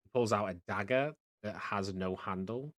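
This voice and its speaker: A man running a tabletop game as dungeon master, narrating in a halting way with many fillers and restarts. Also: lowish voice.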